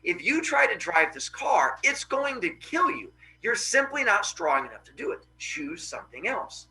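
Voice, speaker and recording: A man's voice: high voice, very animated, normal speed, bright, forceful tone, a little hiss or hum, voice pushed up, heavily acted, poor audio. A man doing a weary dad-like sun god. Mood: firm. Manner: casual, apologetic and firm.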